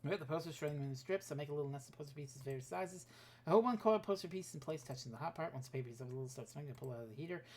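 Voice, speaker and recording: A woman's voice: sits low, rapid-fire, darkish tone, a little hiss or hum. A woman streamer reading a text adventure game aloud, with offhand asides and swearing.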